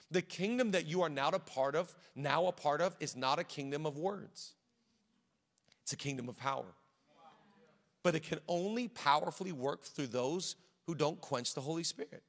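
A man's voice: on the high side, normal speed. A man preaching a sermon as pastor, telling stories with animation and acting out quoted voices. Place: large church auditorium. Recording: echoey church hall.

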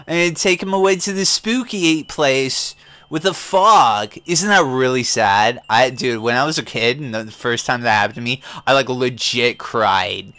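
A young man giving casual, excitable gameplay commentary to his viewers, with over-the-top reactions and calling them dudes. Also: medium pitch. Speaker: gaming YouTuber. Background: game music.

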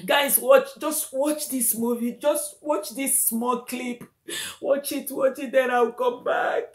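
A woman's voice: high-pitched, fairly even intonation, takes it slowly, reverberant. A woman crying as she talks to her viewers, wailing and repeating exclamations. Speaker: video blogger. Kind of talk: emotional lament to camera.

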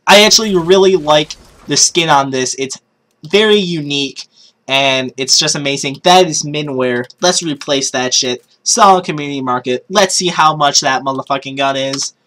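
A woman doing casual gaming commentary who swears a lot and breaks into excited shrieks and yells. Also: low-pitched, normal speed, poor audio. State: yelling in excitement. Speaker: gaming streamer.

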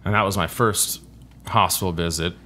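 A man's voice: low voice, fairly even intonation, normal speed, sharp tone, slight background noise. A man, telling profane, rambling stories on a casual podcast. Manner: profane, rambling anecdotes with acted-out quotes. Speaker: guest, stunt biker.

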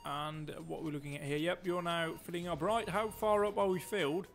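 Excitable man streaming a game. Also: a little high, normal speed, soft background music. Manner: excitable, talks loud, quips at himself. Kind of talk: live gameplay commentary.

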